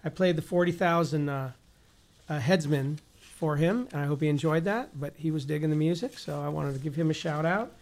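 A man at a radio studio microphone, talking in a casual, rambling way with plenty of asides. His voice sits a little high for a man. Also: a little fast, darkish tone. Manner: rambling, easygoing, full of asides.

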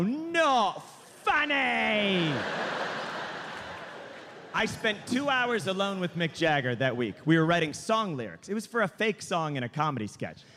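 A man in his thirties doing stand-up comedy with animated, self-deprecating storytelling, recorded live on a theater stage. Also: high-pitched, slight background noise. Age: 30s. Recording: live stage recording with hall reverb and faint ambience.

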